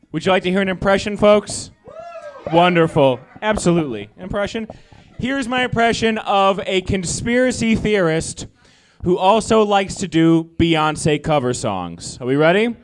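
A man performing a stand-up comedy set, self-deprecating and animated. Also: high voice, a little hiss or hum.

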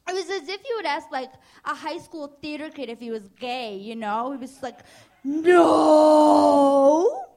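A woman's voice: sits high, a little fast, few pauses. A young woman from New Jersey doing a stand-up comedy set on a club stage, casual and crude, with hesitant fillers and self-mocking asides.

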